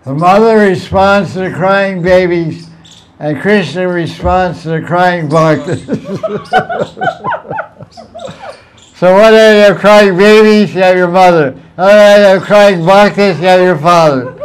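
A man's voice: sits high, huge pitch swings, measured pace, slight background noise, poor audio. A man, a spiritual teacher, giving a devotional talk with verse recitation, playful and chuckling as he answers questions.

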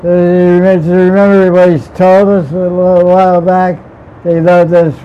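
Speaking in a high monotone at a moderate pace, this man leads a scripture class with a playful touch, laughing frequently and questioning the class. Faint traffic sounds come through the dull, lo-fi audio.

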